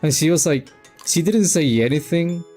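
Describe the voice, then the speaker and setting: A man's voice: fairly high pitch, normal speed, darkish tone, faint music behind. A man streaming a game, telling a personal story in a rambling, self-interrupting way. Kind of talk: casual storytelling while gaming.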